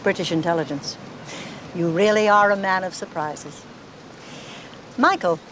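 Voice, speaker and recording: An actress playing a shrewd, inquisitive woman sleuth who speaks in a crisp, firm, probing way, in a television drama. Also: fairly low pitch, unhurried, close to an everyday voice. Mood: warming. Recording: noisy TV soundtrack.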